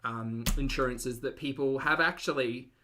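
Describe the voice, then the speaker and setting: A man's voice: mid-range voice, normal speed, background noise, lightly acted. A man doing a glib insurance spokesman. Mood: salesy. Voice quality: glib, salesy spin. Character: smooth corporate insurance spokesman, male.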